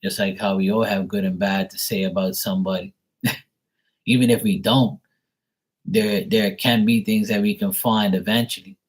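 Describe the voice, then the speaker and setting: A man running a live tarot stream, chatting and rambling in a casual, loose way. His voice sits a bit low, and he swears freely and laughs often as he talks. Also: level tone, normal speed, husky, poor audio. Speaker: tarot reader.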